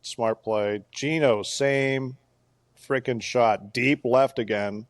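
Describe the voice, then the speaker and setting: A man co-hosting a casual golf podcast, telling a play-by-play story with animated bursts of excitement. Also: medium pitch, slow pace, no echo, studio quality. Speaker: podcast co-host.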